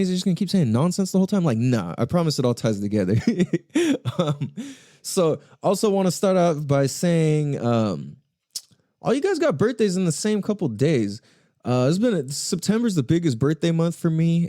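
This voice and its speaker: A man with a mid-range, mellow voice hosts a solo podcast, recorded in studio quality with no echo. His casual monologue rambles along, profane and punctuated by frequent laughs.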